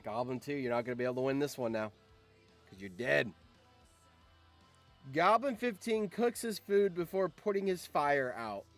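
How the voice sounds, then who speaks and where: An excitable male host reacting to a game out loud in casual commentary, his voice sitting a little high. He drops to low mutters, then bursts into shouts, with faint music playing underneath. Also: normal speed, long pauses. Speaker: channel host and streamer.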